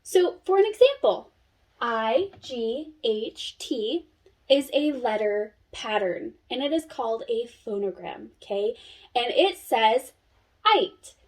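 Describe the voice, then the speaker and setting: A young woman teaching a phonics lesson, sounding out letters slowly and praising an imagined class. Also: fairly high pitch, very animated. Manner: slow, sing-song classroom praise and sounding out.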